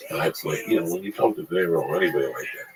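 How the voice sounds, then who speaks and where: A man's voice: deep voice, very fast, a loud crowd. A man casually telling rambling, profane stories about acting work.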